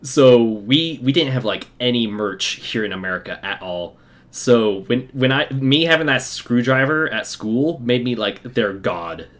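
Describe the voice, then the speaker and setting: A young man from Utah hosting a casual podcast, telling excited fan stories with quick asides and laughs. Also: medium pitch. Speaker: podcast host. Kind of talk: casual chat.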